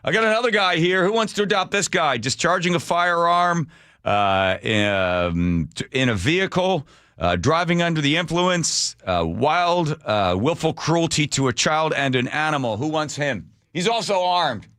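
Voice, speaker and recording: A man's voice: on the high side, animated, moderate pace, a bit bright, dry recording. A man hosting a talk radio show, delivering sarcastic commentary full of mocking rhetorical questions into a studio microphone.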